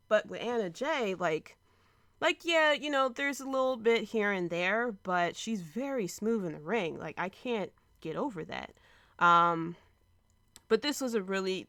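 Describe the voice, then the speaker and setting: With a mid-range, fairly bright voice, a woman in her thirties hosts a casual wrestling podcast and recaps a show in an emotional, rambling manner loaded with fillers. The recording has studio quality and no echo.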